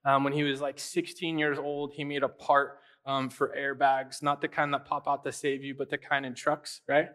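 A young adult man preaches in a loose, chatty style, sharing stories with his congregation. His talk is full of "like" and "right?", and it feels informal rather than polished. His voice sits in a medium pitch range. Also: little pitch movement, normal speed, hardly any pauses, a bit bright. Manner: conversational, full of fillers like "like" and "right?". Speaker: pastor. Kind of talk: casual storytelling sermon.

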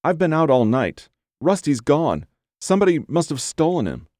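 A tearful, trembling young woman, as a male narrator puts her on, her voice lifted high and shaky. She sounds close and dry, with no room around her. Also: very animated, moderate pace, warm tone, dry recording. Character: frightened young woman lying to her man.

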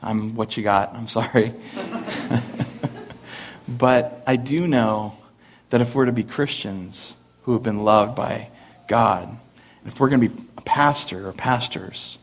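A young adult man, a pastor, preaching a sermon at a church service, mixing lively family stories and laughter with earnest points. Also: medium pitch, slow, pauses often. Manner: animated, laughing storyteller who then turns earnest. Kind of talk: sermon with humorous storytelling.

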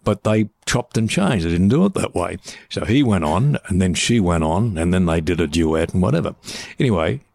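A man's voice: deep voice, moderate pace, vocal fry, no room sound, studio quality. A man in his seventies with an Australian accent, a veteran broadcaster telling stories in a casual interview with repetitions and restarts. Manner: animated anecdotes with repetitions and restarts. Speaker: veteran radio and TV broadcaster, guest.

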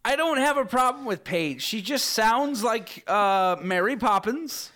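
A man co-hosting a podcast from a studio, joking and mocking in a quick, casual way. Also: extremely high pitch, lively intonation, sharp tone. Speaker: podcast co-host. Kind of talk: casual chat. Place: broadcasting school studio.

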